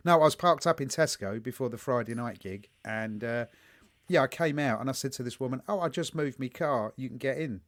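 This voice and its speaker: A man's voice: mid-range voice, a little fast. Man telling stories on a podcast. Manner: swearing, storytelling, jumps into mock quotes. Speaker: podcast co-host. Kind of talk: casual chat.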